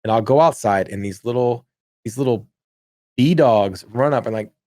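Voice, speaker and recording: A man's voice: medium pitch, moderate pace, dark tone, no room sound. Man ranting on a dry podcast mic. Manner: ranting, exaggerated complaints. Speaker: podcast co-host. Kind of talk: casual chat.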